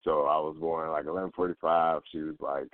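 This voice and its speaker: A man's voice: rumbling low, level tone, fairly quick. A man hosting a casual, profane rant, blunt and repetitive, firing rhetorical questions at the things he hates. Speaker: host of a rant show. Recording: dry, tinny phone-like sound.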